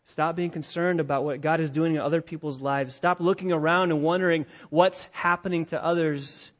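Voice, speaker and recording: A man's voice: a little high, steady tone, a little fast. Emphatic preacher man, dull lo-fi sound. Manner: emphatic, swings between hushed and loud, rhetorical questions. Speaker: pastor. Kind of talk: sermon. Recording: dull lo-fi recording.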